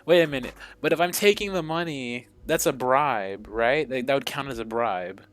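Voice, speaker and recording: A man streaming a game, animated and joking as he reacts aloud to what happens. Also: mid-range voice, normal speed.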